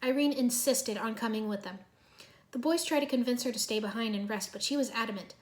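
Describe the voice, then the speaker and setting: A woman reads a storybook aloud, calm and even. Her voice sits on the higher side. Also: fairly quick. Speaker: reader. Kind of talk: storybook narration.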